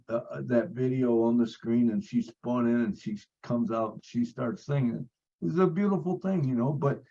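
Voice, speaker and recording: A man's voice: mid-range voice, darkish tone, lo-fi sound. A man sharing a personal story on a video call, earnest, repeating phrases, with many fillers. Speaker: support group member.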